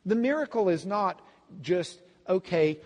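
A man teaching a Bible class as a pastor, telling the story with lively acted-out voices. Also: on the high side, slow, breathy edge, in a large hall, highs cut off. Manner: animated storytelling, acts out voices of the crowd and blind men. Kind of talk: sermon.

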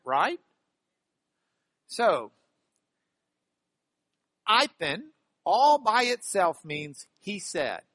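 A man teaching a class on biblical Greek grammar, animated and stressing key words by repeating them. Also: high voice, dry recording. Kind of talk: classroom lecture.

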